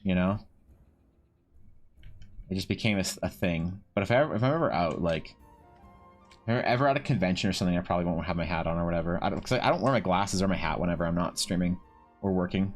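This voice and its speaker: While drawing on stream, a man rambles profanely with frequent restarts in casual chat. His voice is low-pitched and animated, quick but pausing often, with soft background music.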